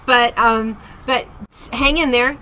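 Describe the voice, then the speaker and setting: Woman host, chatty, upbeat, advice-giving, bright tone. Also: fairly high pitch, fairly even intonation, slow, slight background noise, poor audio. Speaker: host and singing teacher. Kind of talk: casual interview chat. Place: Las Vegas.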